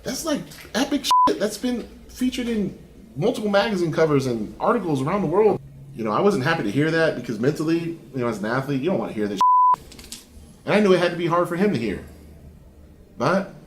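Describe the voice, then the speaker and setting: A man being interviewed as a competitive bodybuilder, telling his story in a lively, profane way and acting out what he said back then. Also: medium pitch, slight background noise. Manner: lively and profane, acts out his own past lines. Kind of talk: animated storytelling in conversation. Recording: roomy echo.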